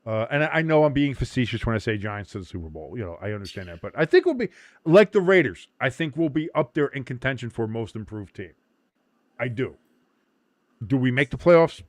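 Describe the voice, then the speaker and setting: A man's voice: medium pitch, very animated, fairly quick, no echo, studio quality. A man hosting a casual sports watch-along stream, rambling, joking and swearing freely. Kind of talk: casual livestream chat.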